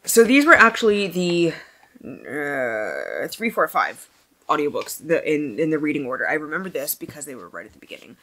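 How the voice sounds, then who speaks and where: A woman with a slightly low voice that swings up and down a lot as she chats about her reading. She rambles, loses her train of thought, swears casually and laughs at herself. It sounds like a relaxed vlog recorded at home. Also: normal speed. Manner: chatty, scattered, swears freely, laughs often. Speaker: book vlogger. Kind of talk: casual book wrap-up chat.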